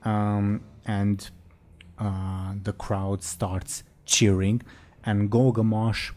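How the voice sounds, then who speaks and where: A man narrating as game master of a tabletop game, pausing on fillers as he describes scenes. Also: on the low side, little pitch movement, a little mellow, slight background noise.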